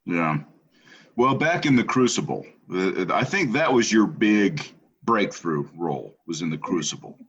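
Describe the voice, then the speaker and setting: A man's voice: low-pitched, very animated, unhurried, a bit bright, breathy edge. A man co-hosting a podcast in casual chat, chatty and teasing. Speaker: podcast co-host. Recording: dull lo-fi podcast audio.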